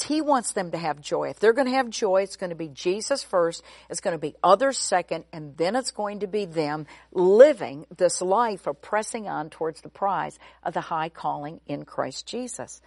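A woman giving an expository Bible teaching, emphatic, slowing down to stress key words. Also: on the low side, expressive, a little mellow, dry recording, studio quality.

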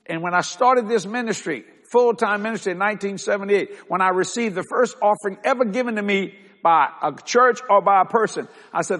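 An older man with a high voice preaches from the pulpit and climbs into loud, drawn-out emphasis on key words. He calls out to the congregation for answers, and his voice rings with the long reverb of a big hall. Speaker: pastor. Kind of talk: sermon.

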